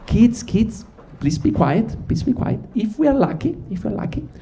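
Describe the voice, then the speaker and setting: A man playing a male safari tour guide who keeps shushing a group of kids in a hushed, urging voice. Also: high-pitched, big pitch swings, normal speed, gravelly, pitched above the performer's own voice, heavily acted.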